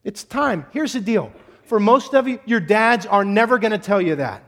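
Male pastor, blunt and exhorting, slightly high voice, teasing sermon delivery. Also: lively intonation, normal speed.

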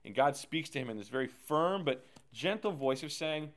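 A man leading a Bible study group in a relaxed, conversational way, often checking in with "okay?" and "right?" and putting questions to the room. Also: on the high side, moderate pace, few pauses. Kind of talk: casual Bible teaching.

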